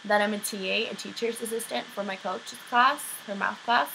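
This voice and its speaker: With a medium-pitched, gravelly voice, a Swedish teenage girl talks at a moderate pace and a steady tone over a noisy background. She's an exchange student vlogger with a light accent, chatting casually through questions from viewers and leaning heavily on "um" and "like."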